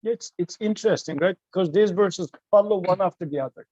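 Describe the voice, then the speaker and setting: A man teaching a study session, quoting verses and translating them in a measured way. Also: high voice, warm tone, dry recording, lo-fi sound. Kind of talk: explaining scripture to a student.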